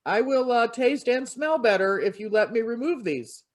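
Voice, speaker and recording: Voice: medium pitch, expressive, normal speed, close to an everyday voice. A minister voicing a clever old male monk in a fable, coaxing and sly.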